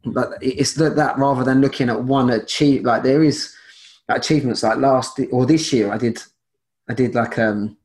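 A man's voice: medium pitch, normal speed, darkish tone. Guy rambling on a podcast, keeps restarting, normal middle voice. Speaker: guest. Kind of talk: casual interview chat.

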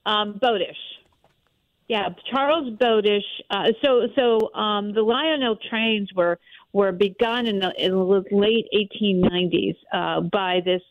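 A woman's voice: medium pitch, a little slow, no echo. A woman in her sixties from Western Pennsylvania, a columnist telling a story with emphatic enthusiasm. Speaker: newspaper columnist, guest. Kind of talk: casual interview. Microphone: phone. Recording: tinny phone line.

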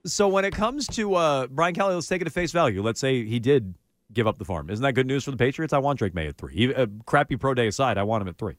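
A man's voice: medium pitch, expressive, fast, no echo, studio quality. A man co-hosting a sports talk show, sarcastic and jokey in casual banter. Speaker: sports radio co-host.

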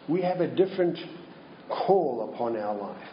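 A man preaching a sermon slowly and deliberately, posing rhetorical questions to his congregation. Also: medium pitch, lively intonation, echoey room, highs cut off, slight background noise. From Minnesota.

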